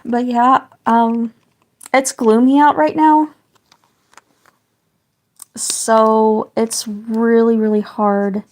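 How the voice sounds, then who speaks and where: A slightly hoarse woman with a raspy voice, a parent chatting casually and rambling on a livestream while she colours, hedging her words as she goes. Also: a little high, little pitch movement, extremely slow, pauses often, a little mellow. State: slightly hoarse, getting sick. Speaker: livestreaming artist.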